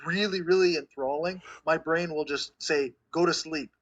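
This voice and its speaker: A man speaking in a relaxed, reflective way in a casual chat. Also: a little high, normal speed. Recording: dull lo-fi audio.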